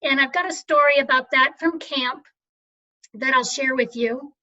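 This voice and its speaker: An older woman giving a reflective camp vespers talk, telling a story gently and conversationally with many fillers. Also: high voice, moderate pace. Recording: dull lo-fi recording.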